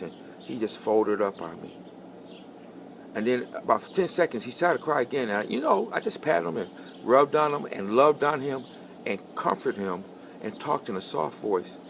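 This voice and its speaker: A middle-aged man sharing a personal testimony in a conversational way, repeating phrases for emphasis and building to fervent high points. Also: lively intonation, moderate pace, vocal fry, slight background noise.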